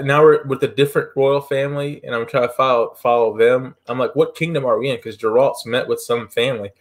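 Joking, blunt man on a podcast. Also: mid-range voice. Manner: blunt, joking, swears casually. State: talking with food in his mouth. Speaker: podcast co-host. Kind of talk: casual podcast chat.

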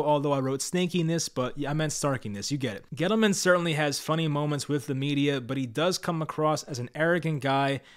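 A man with a fairly high-pitched voice delivers opinionated sports commentary. He is blunt and frustrated, speaking straight to his viewers as the regular voice of his own channel. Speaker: sports commentator, Giants fan channel host. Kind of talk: opinionated scripted commentary to camera.

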